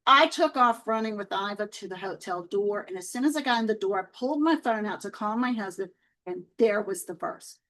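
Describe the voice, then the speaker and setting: A woman talking casually to her viewers, telling faith stories in a chatty, lively way. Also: mid-range voice, fairly quick, rough recording. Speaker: Christian author and video host.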